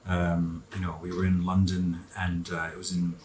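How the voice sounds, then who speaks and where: Deep-voiced man chatting over a meal. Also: moderate pace, a little hiss or hum, low-quality recording. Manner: relaxed, enthusiastic about food, talks while eating. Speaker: interview guest. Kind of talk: casual interview chat.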